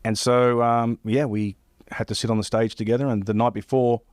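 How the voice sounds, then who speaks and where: A man telling stories about his caddying career in a casual chat. He rambles, repeats himself and acts out phone calls in quick bursts. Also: medium pitch, flat delivery, darkish tone, dry recording.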